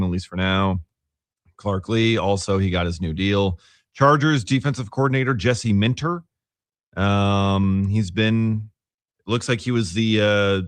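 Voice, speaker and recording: A man's voice: on the low side, dry recording. A man co-hosting a sports radio show, chatting casually and reading through a list with many fillers and restarts. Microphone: studio microphone.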